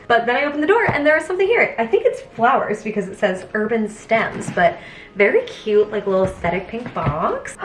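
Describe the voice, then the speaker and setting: A young woman talking casually to camera in a home vlog, chatty and laughing often, her voice sometimes dropping to a soft murmur. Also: mid-range voice, sing-song, brisk, slight background noise. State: teary from crying. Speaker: vlogger. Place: home, indoors.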